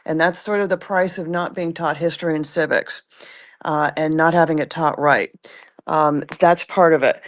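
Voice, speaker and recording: Woman, chat room participant, measured, hesitant, many fillers, lowish voice. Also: fairly even intonation. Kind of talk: casual discussion.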